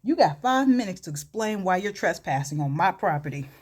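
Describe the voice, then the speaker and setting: Woman doing a calm male rapper. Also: lowish voice, a little fast, slightly rough.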